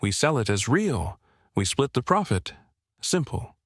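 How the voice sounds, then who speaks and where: A man's voice: mid-range voice, sing-song, unhurried, no echo, clean studio sound. A man reading the lines of a scheming older male colonel, clipped and terse. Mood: curt.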